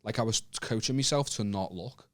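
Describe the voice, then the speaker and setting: A man's voice: fairly low pitch, a little fast. A young Northern English man co-hosting a comedy podcast, firing off teasing quips and giggling. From Northern England. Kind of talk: casual comedic banter.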